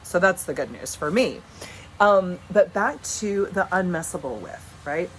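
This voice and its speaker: A woman's voice: lowish voice, animated, measured pace, fairly bright tone, a little hiss or hum, low-quality recording. Frank, chatty woman vlogging at home. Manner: frank, chatty, swears casually. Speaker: vlogger and coach. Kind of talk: casual direct-to-camera vlog. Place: at home with dogs.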